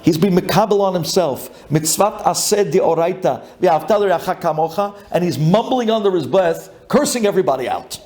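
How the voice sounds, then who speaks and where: A man, a rabbi, giving a lively sermon, acting out a grumbling congregant and building up to shouted lines. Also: high-pitched, normal speed, few pauses, roomy sound.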